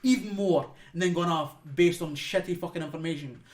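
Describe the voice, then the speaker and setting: A man's voice: on the high side, a little fast. Ranting, swearing Scottish young man. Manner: swears heavily, rants with mocking voices. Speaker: podcast co-host. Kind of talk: profane casual chat, ranting.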